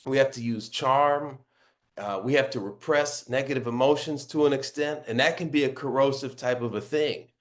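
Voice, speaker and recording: A man with a baritone voice, the guest author, answering interview questions earnestly and often asking "right?". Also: moderate pace.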